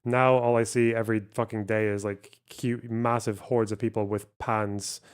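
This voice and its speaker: A man's voice: on the low side, little pitch movement, normal speed, smooth. A man hosting a live stream, chatting casually and swearing freely. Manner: laid-back, swears casually. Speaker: streamer host. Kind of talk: casual chat.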